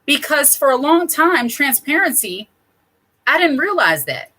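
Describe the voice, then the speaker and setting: A woman in her thirties talks straight to her viewers in a loose, candid way, stopping to correct herself and laughing softly along the way. Her voice sits a touch high, with a bright, forceful edge. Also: big pitch swings, measured pace. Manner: candid, chatty, self-correcting with small laughs. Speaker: channel host. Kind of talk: casual talk to camera.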